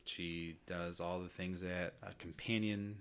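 This is a young man with a lowish voice, co-hosting a casual podcast. He tells stories loosely and swears freely. He slips into quick impressions of the people he is talking about. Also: little pitch movement, fairly bright tone, smooth. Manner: storytelling, swears casually, acts out family voices. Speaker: podcast co-host. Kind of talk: casual chat.

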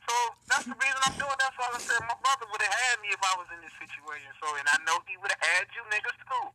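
A man's voice: sits high, steady tone, quick pace, a crowd in the background, poor audio. A man in casual conversation with a friend. He speaks emphatically and repeats his points. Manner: insistent, emphatic, repeats himself.

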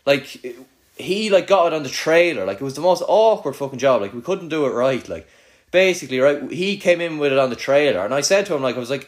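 A man's voice: mid-range voice, lively intonation, fairly quick. A young man with an Irish accent from Kildare, hosting casual banter with a friend, teasing and swearing a lot, with many "like"s.

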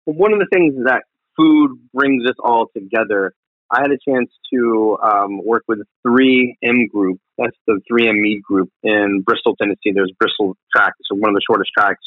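A low-pitched man chats as a guest chef, rambling through his stories with lots of fillers and restarts. His voice comes over a thin, phone-like line that sounds dry and close. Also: normal speed, no echo. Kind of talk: casual interview chat.

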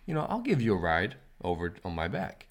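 A man voicing a sly, lying crocodile in a spoken fable, with smooth and falsely reassuring talk. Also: low-pitched, wildly swooping pitch, fairly quick, full character voice. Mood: coaxing.

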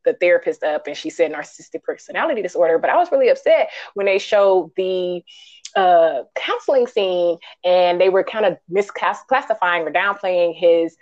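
Woman podcast co-host, lively swooping pitch, dull lo-fi sound. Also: normal speed. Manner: animated, ranting, acts out quotes in high voices. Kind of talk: casual film review chat.

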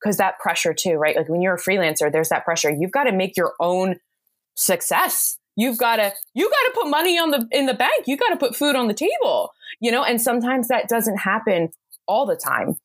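A woman's voice: medium pitch, very animated, a little fast. A woman, a bridal makeup artist from the United States, talking in a casual, effusive way as a podcast guest. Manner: effusive, talkative, laughs often. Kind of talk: casual interview chat.

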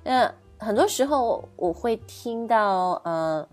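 A woman's voice: on the high side, slow, a little mellow, soft background music. A woman co-hosting a bilingual lesson, explaining pronunciation patiently and checking in with her listeners. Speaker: English pronunciation teacher, co-host.

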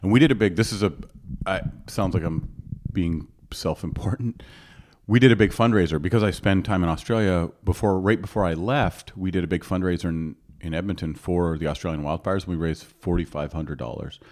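A Canadian stand-up comedian with a Canadian accent, chatting on a podcast as an animated storyteller who often restarts his sentences. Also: deep voice, brisk. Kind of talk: casual podcast chat.

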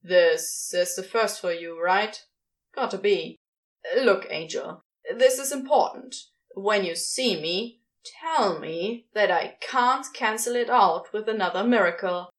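A woman voicing an excitable male demon who talks in an eager, casual drawl. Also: medium pitch, slow pace, natural voice. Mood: urgent. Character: brash excitable male demon, young-sounding.

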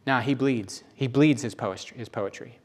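A man's voice: normal speed, darkish tone, breathy edge. A middle-aged man preaching a sermon in a conversational, emotional storytelling manner. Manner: conversational, emotional storytelling with sudden rises in pitch.

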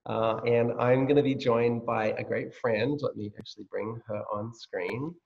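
A man's voice: medium pitch, steady tone, vocal fry, darkish tone. Male host from Australia, friendly, hesitant delivery, slightly muffled video-call audio. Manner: friendly, halting with fillers. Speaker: pastor hosting an interview series. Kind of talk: casual video-call interview.

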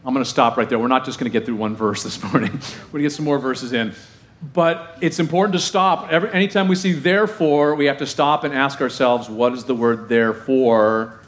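A man's voice: mid-range voice, fairly even intonation, a little fast. A middle-aged male pastor preaching a sermon in a conversational way, often asking the congregation questions.

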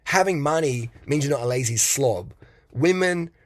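A man's voice: medium pitch, animated, moderate pace, no echo, clean studio sound. A man hosting a podcast, talking in a blunt, crude, rambling monologue. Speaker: podcast host. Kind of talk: casual monologue.

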